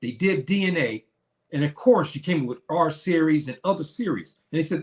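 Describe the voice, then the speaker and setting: A man with an animated, slightly high voice teaches on a live stream and responds to his chat. His delivery is halting, full of hesitations and restarts as he reads the comments.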